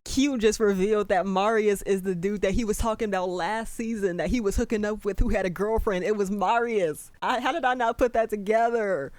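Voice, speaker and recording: A young adult giving casual, excitable reaction commentary on a show, getting emotional and swearing freely. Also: medium pitch, fairly quick, few pauses, dry recording.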